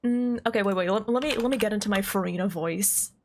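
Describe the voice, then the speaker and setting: A woman's voice: medium pitch, fast, a little hiss or hum. A young woman streaming a game, chatting in a giggly, playful way and greeting her viewers. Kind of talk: casual live-stream chat. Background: game music.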